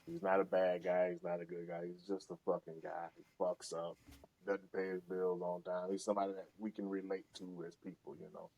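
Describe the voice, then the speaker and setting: A man co-hosting a gaming podcast, thinking out loud in a profane, casual way. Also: low voice, flat delivery, fairly quick, vocal fry, lo-fi sound. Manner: thoughtful, profane, talks things through. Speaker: podcast co-host. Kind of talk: casual chat.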